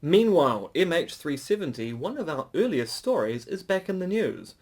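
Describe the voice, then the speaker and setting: A man co-hosting a casual podcast, dry and sardonic, reading news items briskly. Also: a little high, big pitch swings, darkish tone. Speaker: podcast co-host.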